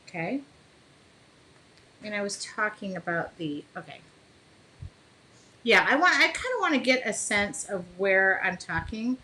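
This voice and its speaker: A woman's voice: medium pitch, bright, forceful tone, low-quality recording. A woman hosting a casual live painting demo, chatting with viewers by name and apologizing for small slips as she works. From Michigan.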